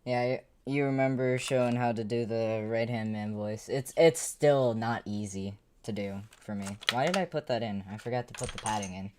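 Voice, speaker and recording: A woman's voice: very deep voice, moderate pace, few pauses, darkish tone, slight background noise. A woman streamer chatting casually on a livestream, rambling, swearing and talking to herself as she tinkers with gear. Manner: rambling, swears, talks to herself while working.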